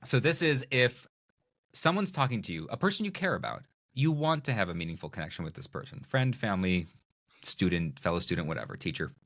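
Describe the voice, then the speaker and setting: A middle-aged man, a magician and speaker, talking as a podcast guest in a playful, animated way that acts out little scenes of dialogue. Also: fairly low pitch, a little fast. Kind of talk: animated conversational interview.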